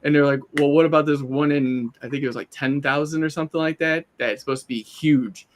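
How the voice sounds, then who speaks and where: A man's voice: on the high side, fairly quick, slight background noise. A man co-hosting a casual comics talk stream, telling long stories and quoting people as he goes. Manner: animated storyteller, quotes people in put-on asides. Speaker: co-host. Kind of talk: casual chat.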